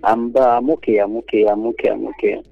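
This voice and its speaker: A man with a Nigerian accent calling in to a radio show, speaking haltingly with many pauses and bits of pidgin. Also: fairly low pitch, fairly even intonation, creaky, soft background music. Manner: halting, hesitant, mixes in pidgin. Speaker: caller. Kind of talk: casual phone-in chat. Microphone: telephone. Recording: dull dry phone line.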